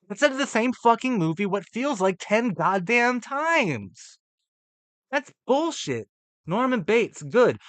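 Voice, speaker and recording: Guy ranting about a movie list, swearing a lot, kinda high voice, dry close sound. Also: a bit bright, no echo. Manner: profane, exasperated, sarcastic ranting. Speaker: horror movie reactor. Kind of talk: ranting reaction commentary.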